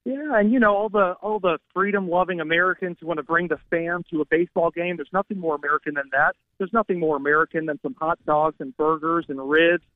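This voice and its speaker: A man's voice: fairly high pitch, steady tone, fast talker, hardly any pauses, no room sound. A man phoning in to a talk radio show as a political strategist, speaking confidently and combatively. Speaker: political strategist guest on a call. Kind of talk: phone-in talk radio interview. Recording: tinny phone line.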